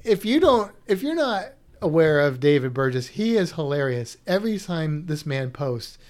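A male podcast co-host with a slightly high, darkish voice and big pitch swings talks at normal speed in a casual chat. He reads listener comments aloud, rambling chattily and restarting his sentences many times.

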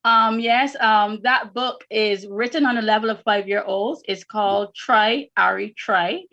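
An earnest woman educator answers interview questions, circling back on her words as she thinks. Her pitch sits at a middling level. The sound is a little dull and lo-fi. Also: a little slow, pushed and bright. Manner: earnest, repeats words while finding them. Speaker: educator and academy founder.

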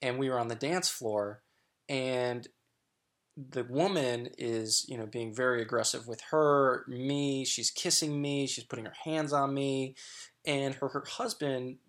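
A man's voice: mid-range voice, measured pace, fairly bright tone. A middle-aged man sharing candid personal stories as a guest, frank and chatty with lots of fillers and restarts.

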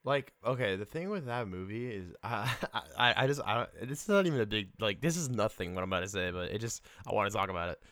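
A young man co-hosting a casual movie chat, talking haltingly with many fillers and restarts. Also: lowish voice, animated, a bit bright, no room sound. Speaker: podcast co-host.

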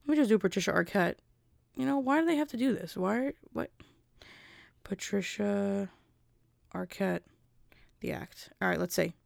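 Gravelly young woman rambling to camera. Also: medium pitch, moderate pace, long pauses, no room sound, clean studio sound. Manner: rambling, self-interrupting, chatty. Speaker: vlogger. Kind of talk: casual rambling chat to camera.

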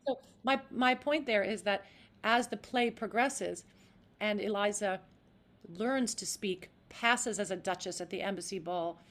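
An actress talking as a podcast guest in an animated, demonstrative way. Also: female voice, medium pitch, unhurried. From United States. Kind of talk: interview.

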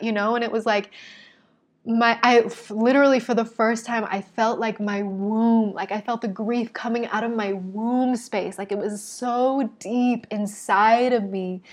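A woman telling a personal story to her viewers in a candid, emotional way, often saying "like". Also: medium pitch. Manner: emotional, candid, heavy use of "like".

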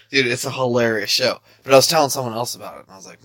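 A young man co-hosting a podcast in casual chat, laid-back, swearing often and laughing as he acts out quotes in higher voices. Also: steady tone, rapid-fire, vocal fry, fairly bright tone. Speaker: podcast co-host.

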